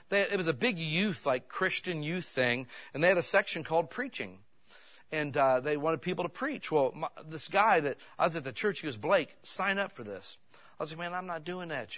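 Middle-aged male pastor, bright voice, folksy storytelling sermon style. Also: a little high. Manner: folksy, conversational, builds to shouting peaks.

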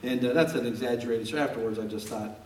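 A man preaching a sermon as a pastor, an animated storyteller who jokes as he talks, recorded in a church sanctuary. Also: mid-range voice, fast, slight background noise. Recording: roomy and distant from the mic.

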